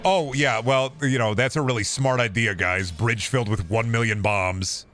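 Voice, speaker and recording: A man's voice: medium pitch, fairly even intonation, moderate pace, a bit bright, soft background music. A man streaming a game, rambling through casual, profane commentary full of jokey asides.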